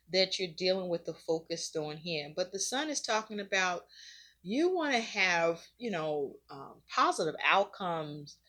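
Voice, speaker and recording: A woman's voice: on the low side, sharp tone. A woman giving a casual tarot reading to her viewers. She talks conversationally, repeats herself often, uses a lot of fillers and swears casually now and then. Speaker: tarot reader.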